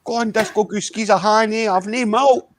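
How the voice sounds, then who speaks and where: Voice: medium pitch, steady tone, moderate pace, no echo, natural voice. A performer playing a laid-back man who is desperate for milk for his tea, in live improv comedy. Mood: pushy. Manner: drawling slang, tags "eh" and "and that". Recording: very noisy live stream.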